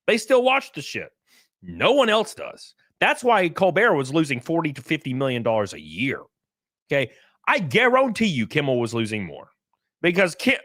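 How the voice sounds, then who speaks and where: A man from California hosts a casual livestream, reading chat and reacting, swearing often, laughing a lot and acting out other people's voices. His voice is fairly high-pitched and fairly bright, on a dry, clean studio recording.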